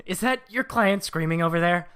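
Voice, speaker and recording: A man's voice: high-pitched, moderate pace, noisy background. A man casually commenting while playing a story game, with wry, self-mocking asides. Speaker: streamer.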